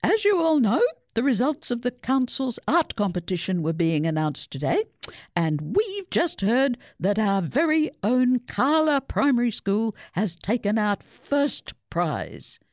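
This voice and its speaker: A woman voicing a cheery male school headmaster making a loud announcement over the school PA, pitched up. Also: big pitch swings, measured pace, no room sound, studio quality.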